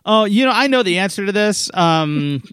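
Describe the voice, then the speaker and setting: A man co-hosting a casual trivia chat, animated and quick to laugh. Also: sits high, clean tone, no room sound, studio quality. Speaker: trivia co-host.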